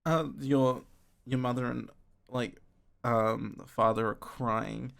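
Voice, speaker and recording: A man's voice: mid-range voice, fairly even intonation, takes it slowly, vocal fry, fairly bright tone. A man narrating as game master, describing scenes loosely with many fillers.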